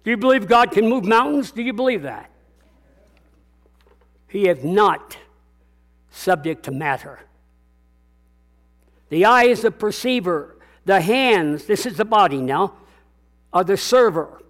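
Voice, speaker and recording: A man's voice: high voice, expressive, a little slow, pauses often, a bit bright. An older man preaching a sermon as pastor, emphatic and repetitive, calling out to his congregation.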